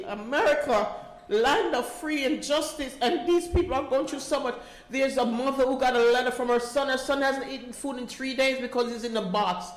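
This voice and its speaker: A middle-aged woman with a high-sitting voice speaks at a moderate pace as a volunteer at a community meeting. She gives a heartfelt personal testimony, pleading and repeating herself, and the meeting room where she's recorded is echoey.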